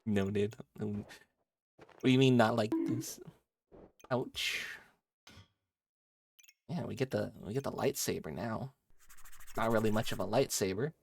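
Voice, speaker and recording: A man's voice: lowish voice, unhurried, gravelly, pauses often, husky. A young man streaming a game, chatting playfully with his viewers as he plays, on a headset mic. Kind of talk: casual live game-stream chat with viewers.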